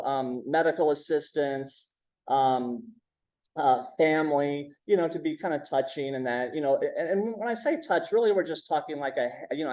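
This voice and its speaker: Man trainer, conversational, slightly high and mellow, checks in with the room often. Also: rough recording. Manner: frequent "right?" checks with the audience. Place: symposium room.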